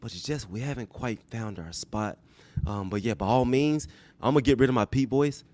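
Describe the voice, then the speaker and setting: A man imitating an older male head football coach, speaking in an earnest, measured, reassuring way during a podcast bit. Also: medium pitch, darkish tone, no room sound, lightly acted. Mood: sincere.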